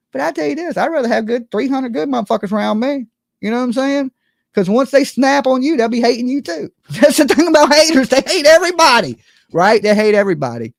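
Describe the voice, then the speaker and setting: A man's voice: high voice, vocal fry, no room sound, studio quality. A man hosting a late-night livestream, ranting to his viewers in a heated, profane and emphatic way. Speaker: YouTube livestream host.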